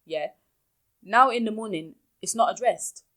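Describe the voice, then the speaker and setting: A woman's voice: medium pitch, a little slow, fairly bright tone. A woman hosting a casual podcast recap, blunt and exasperated in her opinions. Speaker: podcast host.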